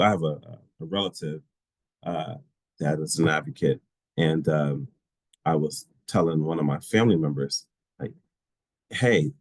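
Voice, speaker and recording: A man's voice: low-pitched, no echo. A man leading a disability awareness training session, telling personal stories in an easygoing way with fillers. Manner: relaxed storytelling with frequent fillers and laughs.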